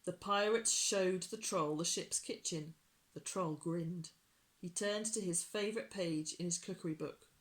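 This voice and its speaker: A storytime reader narrating a children's picture book gently and unhurriedly for young listeners. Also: mid-range voice, unhurried.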